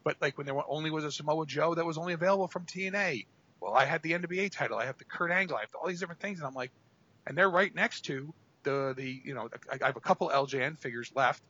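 A man's voice: a little high, fast talker, pushed and bright. A man co-hosting a podcast in casual chat, telling long rambling stories full of fillers. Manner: rambling, filler-heavy storytelling. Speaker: podcast co-host. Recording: dull lo-fi audio.

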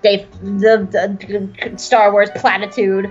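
A woman's voice: mid-range voice, flat delivery, slow. A young woman co-hosting a podcast, chatting loosely and rambling with lots of fillers, on a dull lo-fi recording. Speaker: podcast co-host. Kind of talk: casual recap chat. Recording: dull lo-fi with faint music.

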